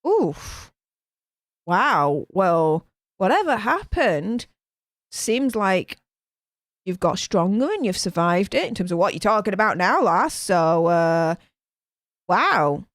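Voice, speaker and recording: A woman hosting a live stream, chatty and animated, reading out viewer comments with lots of fillers. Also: mid-range voice, takes it slowly, pauses often, no echo, clean studio sound. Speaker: host reading live chat. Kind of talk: casual live-stream chat.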